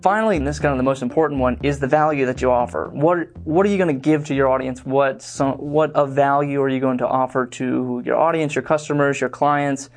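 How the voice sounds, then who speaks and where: A man's voice: mid-range voice, fairly even intonation, brisk, hardly any pauses. Rambling, casual young man teaching. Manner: rambling, filler-heavy, conversational. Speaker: online course instructor. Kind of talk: casual lecture.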